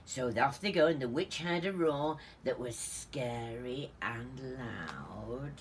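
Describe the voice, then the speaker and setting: A woman teacher reading a picture book aloud, animated, pointing out the pictures as she goes. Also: very deep voice, slow, slight background noise.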